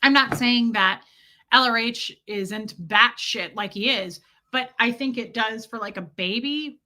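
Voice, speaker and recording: A woman's voice: on the high side, measured pace, pushed and bright. A woman in her forties chatting casually on a livestream, frankly telling stories and answering viewer comments. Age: 40s. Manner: frank, blunt storytelling with quoted voices. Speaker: live streamer.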